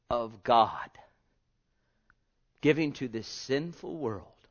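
A man preaching a sermon, reading scripture and swinging from booming to hushed, drawing out his words. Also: normal speed. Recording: dull lo-fi sermon recording.

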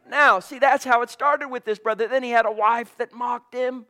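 A man preaching a sermon with great passion, swinging from loud cries to hushed whispers. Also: very high voice, fairly even intonation, moderate pace, hardly any pauses. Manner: impassioned, swings from shouting to whispers.

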